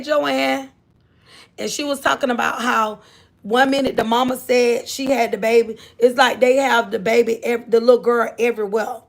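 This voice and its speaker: A woman with a fairly high, gravelly voice hosts a casual livestream. She talks loosely and repeats herself, stopping often to greet the people in her chat. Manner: rambling, repeats herself, chats with viewers. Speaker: livestream host.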